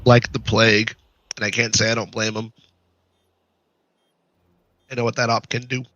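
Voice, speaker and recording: A hoarse man, sick for a week, giving live play-by-play commentary as an esports caster and chatting wryly to viewers between calls. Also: lowish voice, flat delivery, normal speed, bright, forceful tone, no room sound, dull audio. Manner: wry, talks to the audience between calls.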